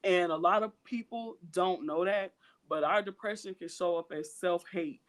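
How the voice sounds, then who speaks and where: A woman's voice: fairly low pitch, moderate pace. Woman co-host of a chat podcast; earnest, emphatic, hammers her points home by repeating them. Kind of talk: candid casual podcast chat.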